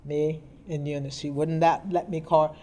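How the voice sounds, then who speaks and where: A woman's voice: low-pitched, flat delivery, normal speed, warm tone. A middle-aged woman telling her life story in an interview, earnest and plainspoken. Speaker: guest. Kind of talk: personal storytelling in conversation. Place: indoor interview. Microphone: podcast mic.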